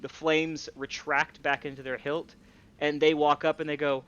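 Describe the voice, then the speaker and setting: A man's voice: on the high side, level tone, moderate pace, a bit bright, clear, resonant tone. A man narrating a tabletop game as game master, casual and rambling with many fillers. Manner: rambling, lots of fillers and restarts. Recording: dull lo-fi stream audio.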